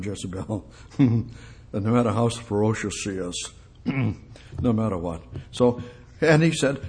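A man giving an informal sermon in a folksy, repetitive way, often dropping to a hush. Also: on the low side, lively intonation, unhurried, pauses often. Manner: repetitive, folksy, drops to hushed tones. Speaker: preacher.

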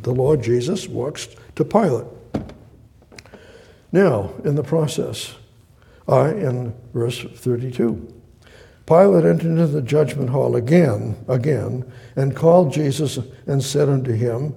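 A man's voice: on the high side, a little slow, creaky, warm tone. A man preaching verse by verse from the Bible, reading passages aloud and then explaining them, sometimes acting out the speakers. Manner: reads scripture then explains, acting out voices.

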